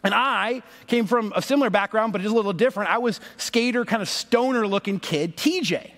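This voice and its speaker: High, lively man preaching in a reverberant hall. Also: fairly quick. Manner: animated, acts out voices in stories. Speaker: pastor. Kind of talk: sermon storytelling. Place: church sanctuary. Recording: long reverb of a large hall.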